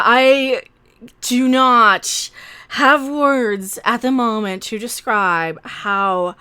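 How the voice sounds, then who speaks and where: A high-pitched woman in her forties rants on her channel with a bright, sharp tone. She is emphatic and hammers her points with repeated refusals. The recording is close and dry. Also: smooth, no echo. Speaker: commentary channel host. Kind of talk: ranting opinion vlog.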